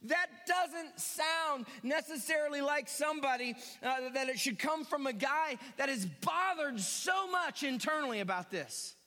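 A male pastor preaching a sermon, swinging between quiet asides and shouted emphasis. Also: extremely high pitch, expressive, unhurried, few pauses, in a large hall.

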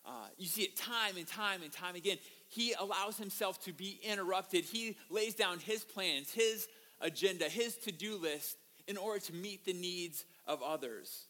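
A man pastor delivering a sermon in a high, bright, forceful voice. He tells stories with animation and keeps turning to the congregation with rhetorical questions. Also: normal speed. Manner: animated storytelling, asks the audience rhetorical questions.

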